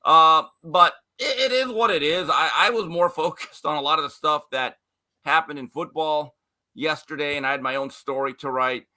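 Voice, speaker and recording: A man's voice: on the high side, normal speed, bright, forceful tone. A man speaking as a guest sports commentator on a talk show, opinionated and emphatic, mocking others in casual chat.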